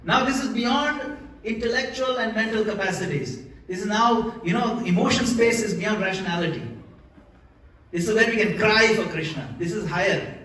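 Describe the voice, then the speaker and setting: A man's voice: high voice, moderate pace, fairly bright tone, recorded from a distance. A man giving a sermon in a temple hall, asking the audience questions and demonstrating how to chant. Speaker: temple lecturer. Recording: echoey hall, recorded from afar.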